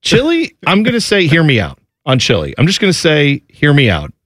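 Animated male sports radio host. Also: a little high, brisk, dry recording, clean studio sound. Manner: animated, rambling, jokey. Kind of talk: casual sports chat.

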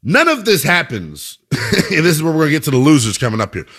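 A man's voice: on the high side, huge pitch swings, brisk, fairly bright tone, husky. A man hosting a sports talk radio show, delivering an emphatic, conversational monologue full of rhetorical questions.

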